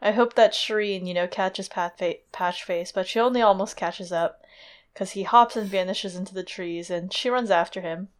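Mid-pitched woman, chatty podcast co-host, filler-heavy recap. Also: normal speed. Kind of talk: casual chat, retelling a chapter.

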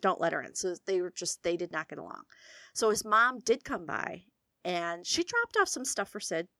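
A woman telling a story in casual podcast chat, chatty and quick to laugh, trailing off with fillers. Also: on the low side, sing-song, bright, forceful tone, no room sound, clean studio sound. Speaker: podcast co-host.

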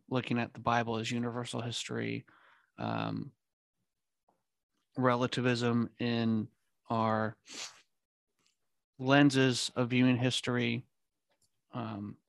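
Co-host, male, gravelly and dry-sounding: hesitant talker, full of uh and um. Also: medium pitch, a bit bright, no echo. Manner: hesitant, searching, many fillers. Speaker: podcast co-host. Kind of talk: casual theological discussion.

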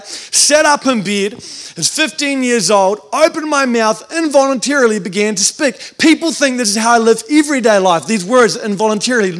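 A young New Zealand man preaches a lively sermon, his voice sitting high for a man. He tells comic stories and plays out the voices of the people in them, youth pastor energy throughout. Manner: humorous storytelling with acted-out voices.

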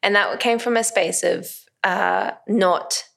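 A woman guest chatting casually about her films and creative work, lively and playful, laughing often. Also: medium pitch, slow pace, creaky. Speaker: podcast guest, actor and filmmaker. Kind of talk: casual interview chat.

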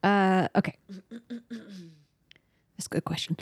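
A woman's voice: mid-range voice, little pitch movement, takes it slowly, no echo, clean studio sound. A woman playing a tabletop game, talking playfully and laughing often. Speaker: player.

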